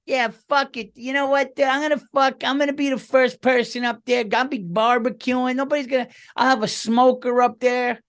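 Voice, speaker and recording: A man doing a comedic impression of a brash, excited guy who swears and drags out his words. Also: very high voice, pitched above the performer's own voice. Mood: hyped. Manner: hyped, profane, drawn-out. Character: brash excited man bragging about guns and barbecue.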